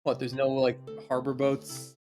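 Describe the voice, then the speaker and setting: A man's voice: medium pitch, monotone, unhurried, a little mellow. A man playing in a tabletop game, asking questions in casual, self-deprecating chat. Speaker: player. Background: faint music.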